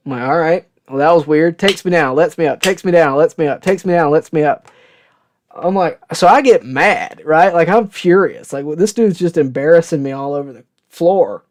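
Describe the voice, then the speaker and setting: Young guy hosting a live baseball stream, rambly and chatty, kinda high voice. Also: a little mellow. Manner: casual, rambling storyteller with frequent "uh" and "okay?". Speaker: sports show host. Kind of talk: live-stream chat answering viewer questions.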